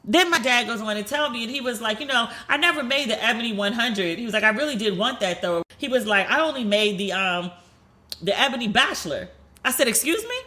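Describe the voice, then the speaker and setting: Brief: woman podcast host, bright and punchy, chatty storyteller who acts out the voices she quotes. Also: fairly high pitch, a little fast. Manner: chatty, animated, swears, acts out quoted dialogue.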